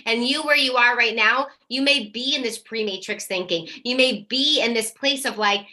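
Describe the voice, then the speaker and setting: A woman with a fairly high voice talks at a moderate pace with hardly any pauses as she coaches parents in a live workshop. She speaks directly and energetically, swears casually, and now and then acts out their worried questions.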